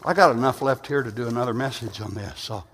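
A man preaching a sermon. He moves between quiet, conversational asides and loud, rising, drawn-out preaching. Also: mid-range voice, a little hiss or hum. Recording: long hall reverb.

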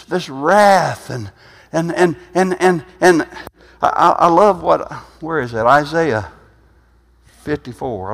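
A man in his sixties preaching an informal sermon, rambling and conversational with frequent "huh?" asides, swinging from quiet, low musing to loud, emphatic bursts. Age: 60s. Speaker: pastor. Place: church sanctuary. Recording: reverberant church hall.

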